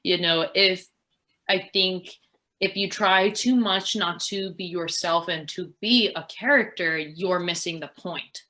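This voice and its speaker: A woman's voice: lowish voice, unhurried, pushed and bright. A woman, an actress, answering interview questions in a casual, rambling way, full of fillers as she thinks aloud. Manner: rambling, filler-heavy, reflective.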